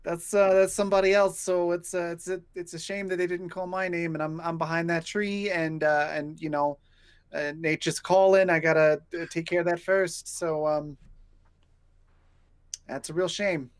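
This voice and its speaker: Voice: mid-range voice, fairly even intonation, moderate pace, clear, resonant tone, dry recording, natural voice. A player voicing a cautious, dry-witted royal guardsman in a tabletop game, with hesitant restarts.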